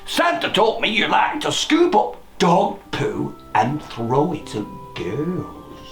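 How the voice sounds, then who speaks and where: A storyteller voicing a calm, magical talking satsuma that gently scolds a child with teacherly questions, in a children's storybook reading. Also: medium pitch, slow pace, pitched below the performer's own voice, exaggerated voice. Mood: scolding. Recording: roomy echo, faint music.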